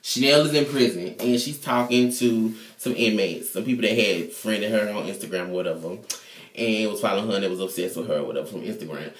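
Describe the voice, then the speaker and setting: A man casually recapping a TV episode in an animated, slangy, profane way. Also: lowish voice, brisk. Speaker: TV show reviewer. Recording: echoey room.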